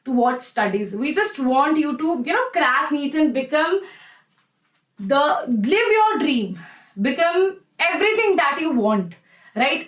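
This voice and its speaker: High-pitched indian english lady teaching online class, chatty, echoey room. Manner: chatty and encouraging, addresses students as "bacha".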